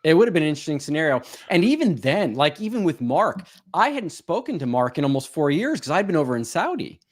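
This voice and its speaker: A man hosting an interview, speaking conversationally with quick asides. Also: fairly high pitch, very animated. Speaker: interview host. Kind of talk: casual conversation.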